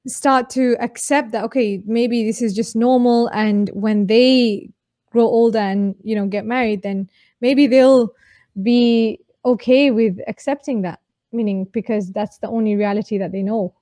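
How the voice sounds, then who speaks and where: A woman interviewer with a higher, mellow voice asks her questions gently and hesitantly, full of "like" and "you know". Her voice sounds dry and close. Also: steady tone, unhurried, no room sound. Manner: soft, hesitant questioning with fillers. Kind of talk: conversational interview.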